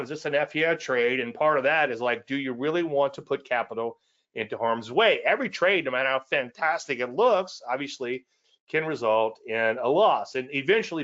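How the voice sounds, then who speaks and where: A man's voice: mid-range voice, fairly bright tone, lo-fi sound. A man with a Cajun Louisiana accent giving a casual trading presentation, repetitive and folksy with self-deprecating asides.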